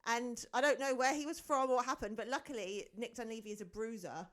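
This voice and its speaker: A woman's voice: on the high side, fast, a bit bright. Podcast lady, dry teasing humor, laid back storytelling. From England. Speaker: podcast co-host. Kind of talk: casual chat.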